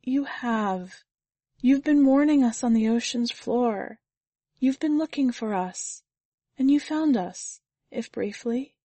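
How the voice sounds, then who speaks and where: A woman reader voicing a gentle, wise mother who speaks softly and calmly with a slight tremble. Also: fairly high pitch, takes it slowly, no echo. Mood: tender. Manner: soft, calm, slightly shaking.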